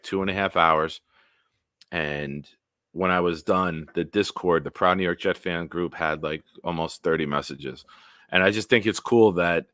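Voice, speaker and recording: A man hosting a casual solo livestream, telling stories in a rambling, animated way with big swings in loudness. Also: deep voice, dry recording, studio quality. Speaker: livestream host.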